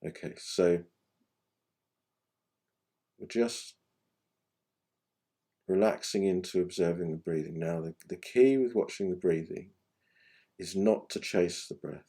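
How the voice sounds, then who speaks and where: A man giving gentle, unhurried guided meditation instruction, his phrases often trailing off softly at the end. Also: low voice. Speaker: meditation teacher.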